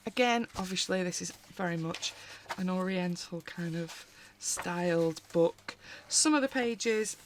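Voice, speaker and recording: A woman's voice: fairly low pitch, a little slow, few pauses, a little hiss or hum. A British woman hosting a casual haul vlog from home, talking in a rambling, chatty way with frequent asides as she pages through books. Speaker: colouring channel host.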